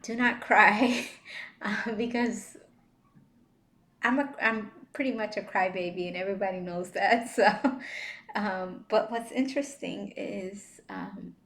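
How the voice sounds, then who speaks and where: A woman giving a casual devotional talk as a vlogger, gentle and unhurried, with many fillers and soft laughs. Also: mid-range voice, echoey room. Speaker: vlogger sharing faith reflections.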